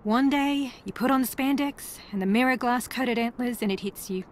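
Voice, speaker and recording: An actress voicing a wry, sarcastic female reality-TV contestant from New Zealand in a mystery video game, with a dry, teasing, deadpan delivery. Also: a little high, normal speed, a little hiss or hum, close to an everyday voice.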